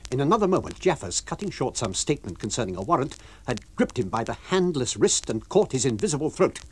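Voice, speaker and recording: Expressive male radio book reader. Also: medium pitch, fast talker, slight background noise. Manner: expressive, varied storytelling delivery.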